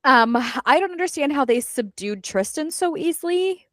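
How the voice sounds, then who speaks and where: A woman's voice: high-pitched, normal speed, no echo. Chatty woman recapping a book. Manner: animated storyteller, acts out character lines; chatty with many fillers. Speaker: book club podcast host. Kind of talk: casual book recap chat.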